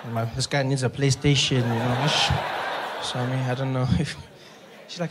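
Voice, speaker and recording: A man with a South African accent telling a stand-up story, acting out every character's voice in an animated way. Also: medium pitch, moderate pace, slight background noise. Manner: animated, acts out voices in his stories. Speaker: stand-up comedian.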